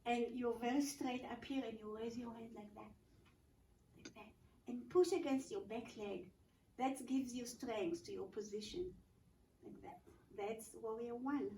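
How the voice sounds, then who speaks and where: A woman's voice: on the high side, a little slow, dark tone, slight background noise. A woman co-teaching a children's yoga class, explaining each pose step by step in a patient, matter-of-fact way. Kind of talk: demonstrating poses step by step. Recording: echoey room, mic at a distance.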